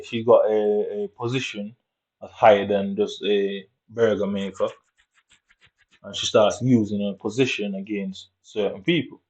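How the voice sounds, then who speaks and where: Low-voiced man ranting. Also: a little mellow. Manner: rambling, repetitive, profane street slang. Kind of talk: casual monologue. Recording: dull lo-fi recording.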